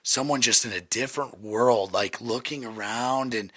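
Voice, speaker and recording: A man's voice: mid-range voice, normal speed, bright, forceful tone, no room sound, studio quality. A man in his thirties hosting a podcast, laid-back, joking and profane. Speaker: podcast host. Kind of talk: casual podcast chat.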